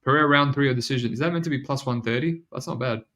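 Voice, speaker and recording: A man's voice: mid-range voice, rapid-fire, a bit bright. A man with a New Zealand accent hosting a casual betting podcast, chatting in a loose, slangy way. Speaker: podcast host.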